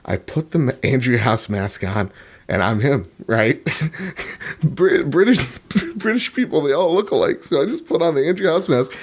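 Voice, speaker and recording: A man's voice: fairly high pitch, expressive, normal speed, breathy edge. Rambling, profane man telling comic bits. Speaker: podcast co-host. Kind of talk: casual comedic chat.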